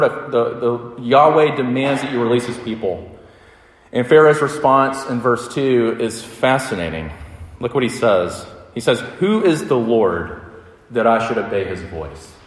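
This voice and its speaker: A man delivers a sermon in an earnest, conversational way, circling back and repeating his phrases as he builds each point. His voice sits in a middle register. The sound carries the long, roomy echo of a large hall. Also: mid-range voice. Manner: earnest, conversational preaching with repetitions. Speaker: pastor. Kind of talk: sermon with opening prayer.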